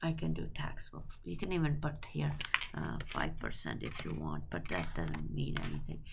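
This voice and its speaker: A woman teaching accounting through a software walkthrough, halting and thinking aloud with many fillers and self-corrections. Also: a bass voice, wildly swooping pitch, vocal fry, noisy background. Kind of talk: screen-recorded software tutorial.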